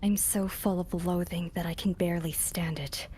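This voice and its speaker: A woman's voice: fairly low pitch, steady tone, normal speed, mellow, slightly rough. A woman whispering as a vengeful hate-filled woman, whispered role-play. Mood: hateful. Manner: hissing whisper that swells into rage. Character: vengeful woman consumed by hatred.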